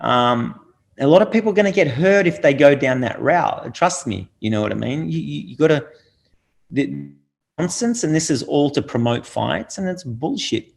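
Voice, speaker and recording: A man's voice: fairly high pitch, lively intonation, moderate pace, creaky. A middle-aged man holds forth in a casual podcast conversation. He talks bluntly and preachily and swears freely. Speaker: podcast guest.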